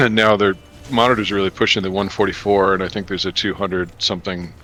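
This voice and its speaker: A man with a bright, forward tone chats easily while playing a game with friends. He is jokey and talkative and laughs often, stretching out his stories. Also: deep voice, steady tone, a little fast. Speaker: podcast host and co-player. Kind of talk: casual chat while gaming.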